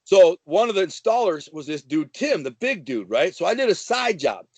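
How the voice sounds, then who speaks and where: A man's voice: high-pitched, big pitch swings, normal speed, darkish tone, no echo. A man telling a wild story in casual, brash, slangy talk. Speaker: guest telling prison-life stories.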